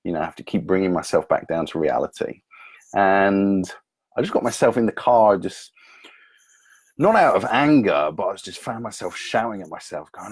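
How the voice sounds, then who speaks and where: A low, husky male voice talks with earnest candor, reflecting on his mindset and coaching himself along. He is a personal development coach recording a vlog monologue, and the sound is dry and close. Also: expressive, moderate pace, no room sound. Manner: earnest, candid, self-motivating.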